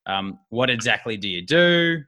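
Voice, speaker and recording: A man's voice: mid-range voice, lively intonation, moderate pace, sharp tone. A man hosting a podcast, chatty and upbeat with many fillers. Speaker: podcast host. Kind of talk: casual podcast interview.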